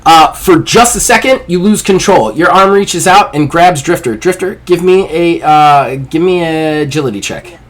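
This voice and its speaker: A man narrating a tabletop game as game master, relaxed and halting. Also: fairly high pitch.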